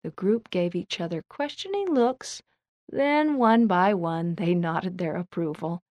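A woman's voice: lowish voice, animated, unhurried, a little mellow, dry recording. Woman reading a children's story aloud. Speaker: narrator.

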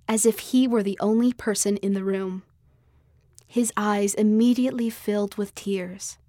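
A woman's voice: medium pitch, fairly even intonation, normal speed, a little mellow, no room sound, studio quality. Earnest woman reading a personal story. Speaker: audio magazine reader. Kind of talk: scripted first-person narration.

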